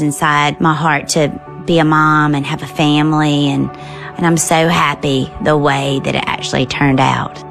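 A middle-aged woman from the American South tells a personal story in a lowish, lively voice. She acts out the quotes. Soft music plays underneath. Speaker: storyteller guest.

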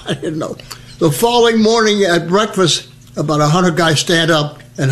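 An older man from New Jersey, telling his wartime memories as a lively storyteller who acts out the voices. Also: high-pitched, moderate pace. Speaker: veteran recounting memories. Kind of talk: oral history storytelling.

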